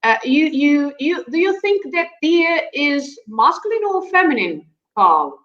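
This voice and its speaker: Woman, language teacher on a video call; patient, laughs a lot; muffled, roomy sound, slightly high voice. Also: big pitch swings, unhurried, fairly bright tone. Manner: patient, explaining, laughs often. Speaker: Portuguese teacher. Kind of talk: live online language lesson.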